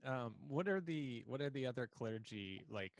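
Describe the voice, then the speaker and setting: A man's voice: mid-range voice, expressive, moderate pace, no echo. A young man playing a tabletop game, hesitant and joking, with lots of filler words. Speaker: player. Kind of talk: casual tabletop game chat.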